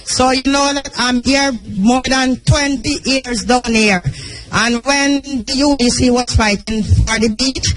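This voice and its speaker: A Jamaican woman who sells on the beach, speaking plainly in a high voice with thanks to the people gathered. Faint music plays behind her. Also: fairly even intonation, measured pace. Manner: grateful, plainspoken. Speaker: beach vendor.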